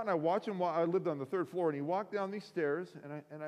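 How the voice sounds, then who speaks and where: Male speaker, animated storyteller, acts out dialogue; slightly high voice, long auditorium reverb. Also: quick pace, few pauses. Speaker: guest speaker. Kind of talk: sermon testimony. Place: school auditorium.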